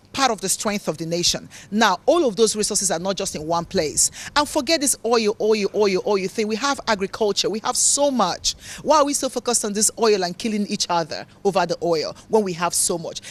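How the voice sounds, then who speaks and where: A woman's voice: mid-range voice, animated, moderate pace, few pauses. A woman from Nigeria with a mixed, hard-to-place accent, answering interview questions as a motivational speaker and author. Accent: mixed accent of English, African and Italian tones. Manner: earnest, preachy, repeats words for emphasis.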